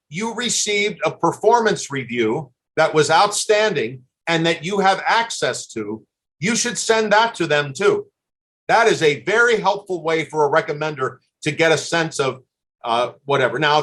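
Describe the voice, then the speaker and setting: A man's voice: fairly high pitch, a bit bright. An older man from the USA giving earnest admissions advice in a live webinar, stopping and restarting often. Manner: earnest advice with frequent restarts and repeated words.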